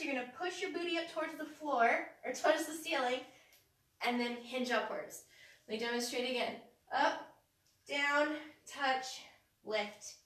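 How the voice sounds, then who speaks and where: A woman's voice: high voice, sharp tone. A woman in her thirties leading a live home workout, upbeat, cueing moves and counting down, a little out of breath. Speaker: fitness instructor. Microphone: phone camera from across the room. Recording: echoey room, voice far from the phone.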